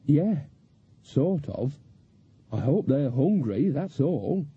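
A woman's voice: sits low, big pitch swings, slow, slightly rough, exaggerated voice. A male narrator voicing an earthy, practical old witch woman who speaks in a homely, plain-spoken way, in an audiobook reading on a slightly dull lo-fi recording. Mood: musing.

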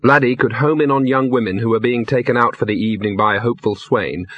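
A man narrating a fantasy audiobook in a measured, wry storytelling manner. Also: mid-range voice, steady tone. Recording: dull lo-fi dry studio recording.

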